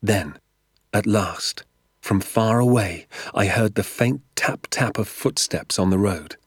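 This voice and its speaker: A man reading a storybook aloud as narrator, measured and expressive. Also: lowish voice, slightly rough, no echo, clean studio sound. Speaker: audiobook narrator.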